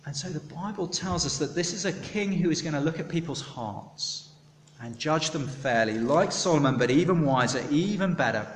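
A man preaching a sermon, chatty and animated, polling his listeners for answers. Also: fairly high pitch, moderate pace, slight background noise. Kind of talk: sermon with audience participation. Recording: echoey hall, long reverb.

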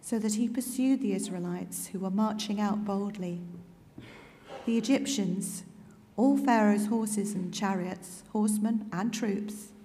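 A woman reading a Bible passage aloud in a measured way. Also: mid-range voice, mellow, big-room sound, a little hiss or hum. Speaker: scripture reader.

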